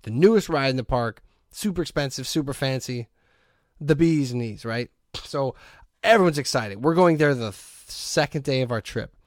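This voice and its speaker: A man hosting a podcast, telling a long story in a casual, animated way and often breaking into laughter. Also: mid-range voice, moderate pace, dry recording, studio quality. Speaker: podcast host.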